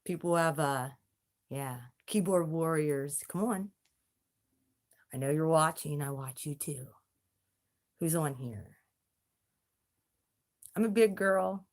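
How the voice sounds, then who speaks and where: Slow, low-voiced woman hosting a livestream. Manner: drawling, taunting and challenging. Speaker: YouTube livestream host. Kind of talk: casual livestream chat.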